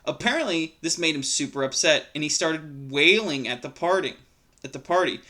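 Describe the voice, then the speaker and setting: A man's voice: fairly high pitch, expressive, normal speed, sharp tone. A man reading an online story aloud, then giving a heated, profane commentary full of restarts and repeats.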